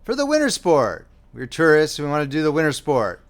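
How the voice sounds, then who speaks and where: A man's voice: fairly high pitch, huge pitch swings, fairly quick. A man voicing a young American officer on the run, talking in an earnest, play-along way.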